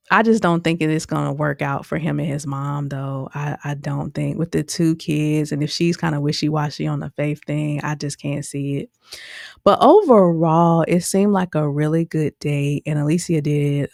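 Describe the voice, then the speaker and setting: A woman's voice: sits low, unhurried, vocal fry, a little mellow, no room sound. A woman talks through a reality episode in a loose, chatty way. She laughs often and slips into voices for the people she quotes. The sound is dry and close. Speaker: show reviewer. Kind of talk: casual recap commentary.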